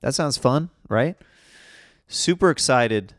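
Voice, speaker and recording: A man's voice: medium pitch, lively intonation, slow pace, dry recording, clean studio sound. A man hosting his podcast in a casual, rambling, upbeat way, laughing often. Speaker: podcast host. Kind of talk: casual solo podcast chat.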